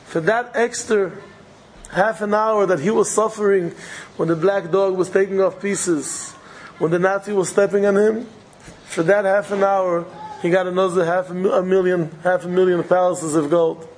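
A man's voice: sits high, fairly even intonation, moderate pace, slight background noise, poor audio. A man delivering an impassioned storytelling sermon, repeating phrases for dramatic weight. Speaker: preacher.

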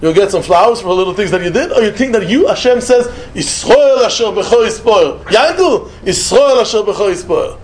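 High-voiced man preaching with sudden swings. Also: normal speed, few pauses. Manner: animated, swings between loud emphatic lines and soft murmured ones; peppers English with Hebrew and Yiddish words, short repeated phrases. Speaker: rabbi giving a talk. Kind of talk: sermon with storytelling.

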